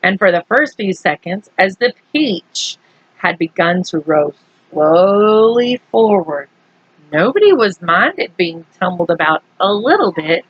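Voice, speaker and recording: Woman reader for a kids' storybook, high bright voice, slow and playful, dry dull sound. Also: a little hiss or hum. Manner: animated, playful, laughs often, acts out shouts. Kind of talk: reading a children's book aloud with asides.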